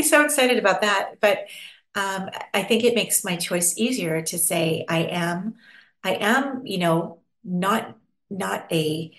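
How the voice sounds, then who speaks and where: An American woman from Pennsylvania, a guest chatting expressively in a casual interview. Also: lowish voice. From Pennsylvania, USA. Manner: expressive, chatty, acts out little quoted voices. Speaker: podcast guest. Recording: roomy echo.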